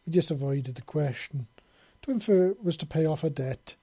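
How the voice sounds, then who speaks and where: A man narrating a story in an even, unhurried read. His voice is mellow and dark with a husky edge. The recording is dry and close. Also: on the high side, dry recording. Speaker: audiobook narrator.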